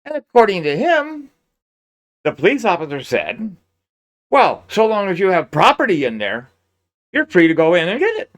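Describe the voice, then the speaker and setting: A man's voice: high voice, huge pitch swings, normal speed, pauses often. A man giving sarcastic, incredulous commentary on a crime case, talking close to a mic. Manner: sarcastic, incredulous, laughs often. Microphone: close mic, peaking.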